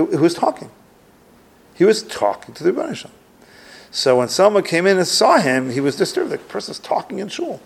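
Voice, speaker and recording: A man's voice: fairly high pitch, vocal fry, husky. A man teaching a religious class, reading Hebrew texts aloud and translating each line, thinking aloud with restarts. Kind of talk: religious lecture with text reading.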